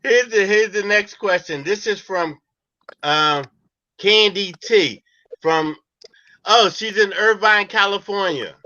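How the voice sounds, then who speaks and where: A man's voice: sits high, takes it slowly, sharp tone, highs cut off. A man hosting a casual comedy chat and reading out viewer questions in a laid-back drawl.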